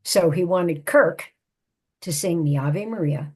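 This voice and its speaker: Older woman guest, husky lowish voice, recounting a personal story in an interview. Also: darkish tone. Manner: measured, reflective storytelling. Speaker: guest, psychotherapist and author.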